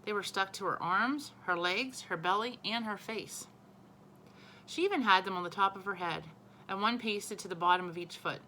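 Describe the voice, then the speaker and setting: A woman teacher reading a children's novel aloud to her class in an expressive storytelling manner. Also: mid-range voice, normal speed, slight background noise, rough recording.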